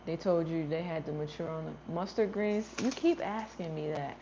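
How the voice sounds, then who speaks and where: Speaking in a deep voice at a moderate pace, a woman runs a casual gardening livestream where she responds to viewers' comments and muses aloud, trailing off and restarting. The audio is dull, lo-fi and has a noisy background.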